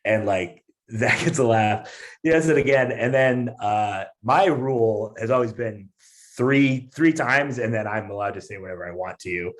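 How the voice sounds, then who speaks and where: Animated male comedian telling a story. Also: fairly low pitch, moderate pace. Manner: animated, lots of fillers and restarts. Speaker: comedian guest. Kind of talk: casual podcast storytelling.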